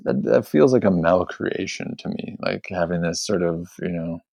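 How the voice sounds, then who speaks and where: A man's voice: deep voice, normal speed, vocal fry, a little mellow, no room sound, studio quality. A man hosting a podcast, chatting casually and a bit ramblingly about a film, with many fillers. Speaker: podcast host.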